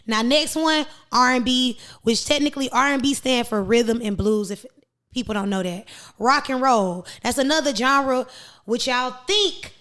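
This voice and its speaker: An American woman hosting a podcast, talking in an animated, emphatic, preachy casual chat. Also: high-pitched, normal speed. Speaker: podcast host.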